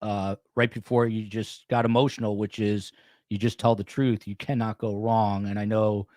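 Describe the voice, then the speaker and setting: A podcast host with a low-pitched male voice, recorded dry and close. He talks in a supportive, conversational way and leans on fillers as he gathers his thoughts. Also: little pitch movement, moderate pace, a little mellow, dry recording. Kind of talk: podcast interview.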